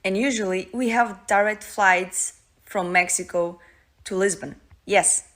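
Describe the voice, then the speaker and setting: A woman's voice: mid-range voice, measured pace, a bit bright. A woman from Portugal, telling a story earnestly and now and then searching for words. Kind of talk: storytelling to camera.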